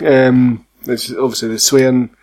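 A man's voice: mid-range voice, flat delivery, a little slow, a little mellow, a little hiss or hum. A man with a Scottish accent, chatting bluntly about a film as a podcast co-host and swearing casually.

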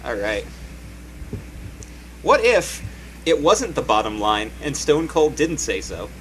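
A man's voice: mid-range voice, very animated, takes it slowly, a little hiss or hum, rough recording. A man hosting a casual podcast chat, reading out listener entries with a joking manner. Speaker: podcast host.

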